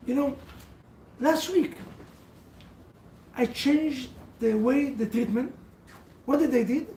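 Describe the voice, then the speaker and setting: A man giving a sermon as a rabbi to a seated audience, telling stories in halting, non-standard English. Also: extremely high pitch, dark tone, echoey room, far from the mic, a little hiss or hum, poor audio.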